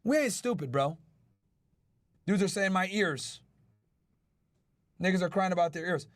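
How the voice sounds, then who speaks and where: A man's voice: high voice, lively intonation, measured pace, long pauses, no echo, studio quality. A male podcast host in casual chat with his live chat, brash and profane. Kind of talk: casual chat reacting to news.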